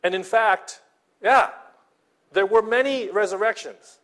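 This pastor's sermon comes in a high, fairly bright voice, delivered a little slowly and in a chatty manner. Frequent "okay?" and "right?" check-ins dot his talk, along with repeated and restarted words and gentle laughter.

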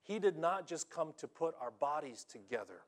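A male pastor preaching a sermon in an animated, emphatic way, often checking in with his listeners. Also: on the high side, moderate pace. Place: church in Japan.

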